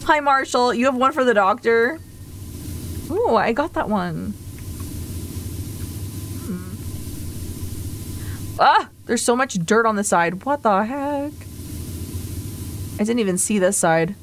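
High-pitched slow-talking streamer woman. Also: lively intonation, slight background noise. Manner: theatrical, exaggerated outbursts and groans. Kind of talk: casual live gaming stream.

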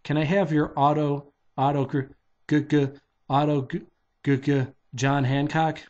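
A man's voice: a little high, little pitch movement, a little slow, darkish tone, muffled recording, lightly acted. A timid, polite cartoon pig, as a man reading a storybook puts him on. He gets stuck on sounds and repeats them over and over. He keeps trying to push out the word. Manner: stutters heavily.

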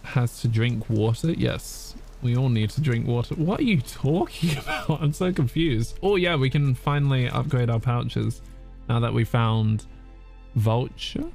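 An unhurried, medium-pitched voice, gravelly yet a little mellow, carries over soft background music. The man streams a game live and keeps up casual commentary, chatting with viewers, reading their chat aloud, swearing and laughing along the way.

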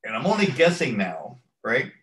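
A man's voice: mid-range voice, huge pitch swings, normal speed, fairly bright tone, echoey room, poor audio. A man in an interview telling a long story at an easygoing ramble, acting out what people said. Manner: rambling anecdotal delivery, acts out quoted lines. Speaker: stunt coordinator, interview guest.

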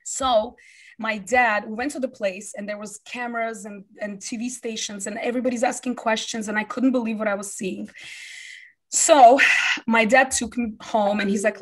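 A woman in her thirties from the USA, a business founder telling her life story in an interview, animated and acting out what people said. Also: a little high, normal speed. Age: 30s.

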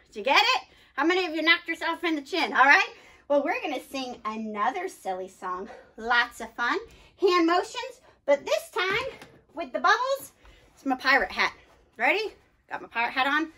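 Bright, high-voiced woman leading kids' club. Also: moderate pace. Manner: lively and playful, addressing kids directly. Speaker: children's club leader. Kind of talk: playful talk and storytelling for children. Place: church setting, streamed to children at home.

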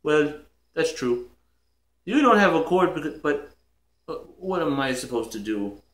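A man's voice: a little high, big pitch swings, measured pace, fairly bright tone. A man voicing an insecure old-school eight-bit game plumber in a homemade toy skit, puzzled and easily hurt. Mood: deflated. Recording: echoey room.

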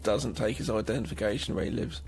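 A man's voice: on the low side, quick pace, creaky, a little mellow, husky. A man co-hosting a podcast, chatting casually about a film with jokey asides. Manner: jokey asides and playful commentary. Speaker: podcast co-host. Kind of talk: casual movie recap chat.

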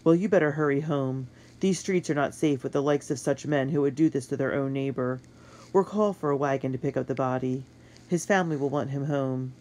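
A reader doing a gruff redcoat soldier. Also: mid-range voice, darkish tone, close to an everyday voice. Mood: brusque. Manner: gruff, brisk.

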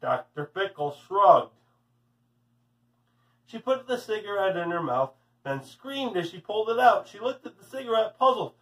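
A man's voice: sits high, lively intonation, moderate pace, distant mic, low-quality recording. A man, a teacher, reading a storybook aloud to children in a friendly way. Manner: friendly, addressing kids.

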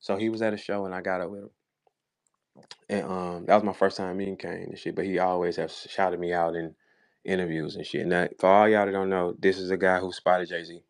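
A man's voice: low voice, little pitch movement, fairly quick. A man with a St. Louis accent, a battle rapper talking casually in a live audio room, boastful, profane and preachy. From St. Louis, USA.

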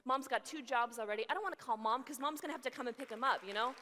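Bright-voiced nun preaching in an echoing hall. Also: female voice, on the high side, very fast. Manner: lively, animated storyteller acting out voices. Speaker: religious sister, keynote speaker. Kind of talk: humorous keynote talk. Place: large conference hall. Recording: echoey large hall.

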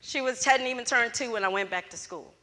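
Bright-voiced woman in an echoey hall. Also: fairly high pitch, fairly quick. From Louisiana, USA. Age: middle-aged. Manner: animated storyteller who acts out dialogue. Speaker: closing speaker at a student event. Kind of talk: motivational storytelling speech. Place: event hall with student audience.

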